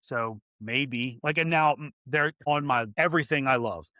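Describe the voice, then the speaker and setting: A man's voice: mid-range voice, normal speed, pushed and bright, dry recording, muffled recording. A man guest on a podcast, talking candidly and earnestly, with restarts and many fillers. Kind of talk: candid interview talk.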